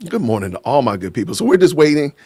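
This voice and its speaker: Lively, jokey man from Illinois, dry sound. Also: mid-range voice, fast, husky, no echo. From Illinois, USA. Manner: lively and jokey, laughing often, greeting the chat. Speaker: livestream host. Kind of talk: casual live stream chat. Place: lives in Georgia, USA.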